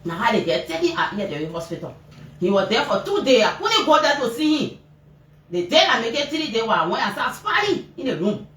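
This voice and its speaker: A Liberian woman recounts events to reporters in an animated way, her fairly high voice leaping as she acts out what others said. She sits back from the microphone in a roomy, echoing space with faint noise behind. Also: brisk. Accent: Liberian English. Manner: animated storytelling, acting out shouted quotes, pitch leaping up and down. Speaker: mother giving a press interview. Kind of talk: emotional personal account to reporters. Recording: roomy, distant mic with faint background noise.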